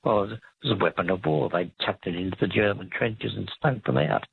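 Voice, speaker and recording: Brief: male radio caller, low, gravelly and very raspy, tinny phone line, wry jokes. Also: brisk. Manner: jokey, offers wry trivia. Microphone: telephone.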